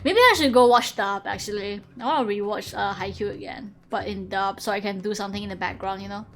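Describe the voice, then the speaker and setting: Excitable young woman streaming a game. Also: mid-range voice, a little fast. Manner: excitable, gushing, swears a lot. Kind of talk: casual game-stream commentary. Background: faint game music.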